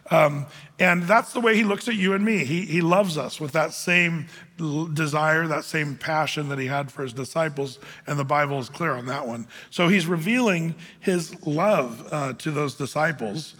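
A man pastor gives a verse-by-verse Bible teaching in a loose, conversational way, often stopping to restart a thought. His voice sits a bit high and sounds bright and forceful. The sound carries the long reverb of a large church hall. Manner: conversational, with frequent fillers and restarts.

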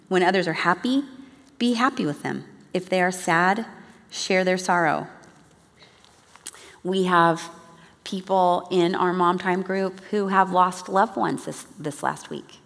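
A woman's voice: lowish voice, slow, creaky, pauses often, a bit bright. A woman giving an earnest, chatty church teaching talk to a congregation. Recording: long reverb of a large hall.

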